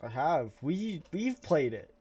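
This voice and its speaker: A man's voice: fairly high pitch, very animated, slow pace, mellow. A man co-hosting a podcast in casual chat, teasing his friend with dry humor and casual swearing. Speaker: podcast co-host. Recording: slightly dull lo-fi audio.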